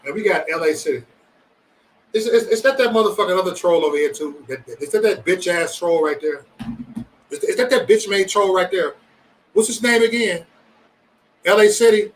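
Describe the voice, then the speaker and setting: A man's voice: high-pitched, far from the mic, rough recording. A man hosting a casual livestream, chatting loosely and profanely with his viewers. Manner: loose, profane, animated banter with chat. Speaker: livestream host.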